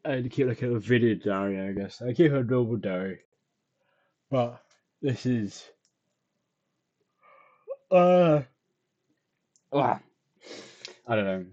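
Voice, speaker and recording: A man's voice: medium pitch, expressive, slow pace, pauses often, dark tone, muffled recording. A tired young man, rambling and self-deprecating as he talks through his drawing in a casual video diary. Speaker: vlogger.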